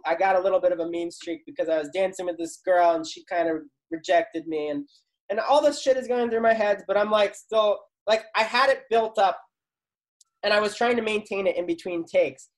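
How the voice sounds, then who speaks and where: A man on a talk show couch spins a long, loose story. He talks casually and leans on filler words, doubling back and restarting as he goes. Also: sits high. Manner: rambling, filler-heavy storytelling, lots of "like". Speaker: guest, actor and comedy writer.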